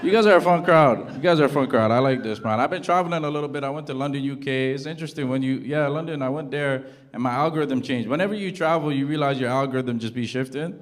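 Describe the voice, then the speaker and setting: A man from Toronto doing a stand-up comedy set in front of a live audience, telling his stories in an animated way and acting out the voices of the people in them. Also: mid-range voice, quick pace, few pauses. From Toronto, Canada. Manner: animated storytelling, acts out quoted voices loudly. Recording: loud audience noise and laughter.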